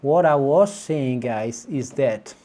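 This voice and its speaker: Italian man, native speaker, vlogging from his kitchen to a tripod camera; mellow, warm tone, exasperated rant with frequent restarts. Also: mid-range voice, slow. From Italy. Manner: animated, exasperated, many restarts. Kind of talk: casual ranting vlog to camera. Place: home kitchen. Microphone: camera on small tripod.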